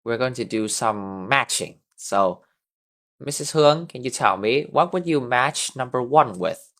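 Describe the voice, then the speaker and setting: A man's voice: medium pitch, animated, unhurried, fairly bright tone. A man teaching an English class over a video call, patiently drilling words and having students repeat them. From Vietnam. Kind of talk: online class instruction.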